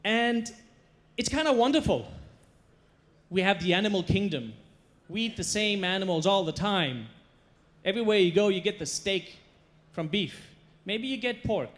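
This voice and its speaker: Guy doing a stage talk, kinda high voice, tells stories with lots of punch and humor. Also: animated, normal speed, fairly bright tone. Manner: storytelling, emphatic, playful. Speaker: chef giving a stage talk. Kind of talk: stage presentation. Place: stage before a live audience.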